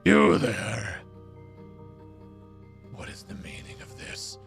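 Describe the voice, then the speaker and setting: A man voicing a dazed ancient male demon in a game, talking in a low hoarse whisper. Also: huge pitch swings, takes it slowly, over music, exaggerated voice. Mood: commanding. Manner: hoarse whisper, groaning, menacing. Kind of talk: video game character voice.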